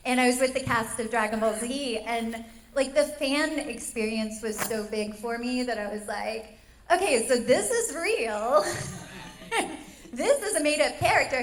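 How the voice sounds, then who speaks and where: A woman with a high voice tells animated stories in a casual panel chat, laughing often as she goes. Her voice rings through an echoey convention room. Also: normal speed. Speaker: voice actor and former radio DJ.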